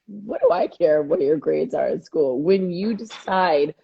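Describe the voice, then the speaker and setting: A woman co-hosting a casual chat show, telling stories in a lively way and acting out the people she quotes. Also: sits low, measured pace, gravelly, slightly rough. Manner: animated storytelling, acting out quoted dialogue. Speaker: podcast co-host. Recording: dull lo-fi audio.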